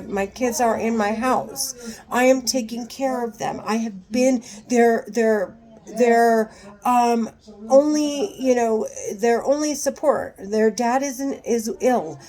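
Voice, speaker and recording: Woman vlogger on a home video rant, somewhat high-pitched voice, swearing hard and tripping over restarts. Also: dark tone. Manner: angry, profane, halting with restarts. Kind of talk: agitated monologue to camera.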